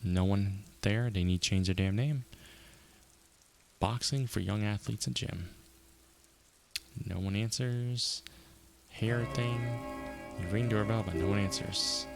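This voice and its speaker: Male streamer, low and gravelly, reading a game with wry asides, faint music behind. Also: slow, pauses often. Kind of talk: live game playthrough, reading text aloud.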